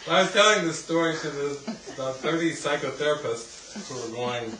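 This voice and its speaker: A man's voice: fairly high pitch, brisk, hardly any pauses. Man telling stories in a roomy hall. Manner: rambling, laughing, animated storyteller. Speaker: spiritual teacher. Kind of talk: casual storytelling talk. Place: retreat hall. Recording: roomy, distant, noisy ambience.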